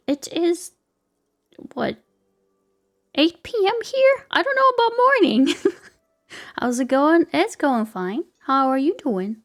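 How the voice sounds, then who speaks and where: Chatty woman streaming a game, playful and casual, quiet music underneath. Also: sits high, very animated, takes it slowly, long pauses. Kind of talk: casual live stream chat.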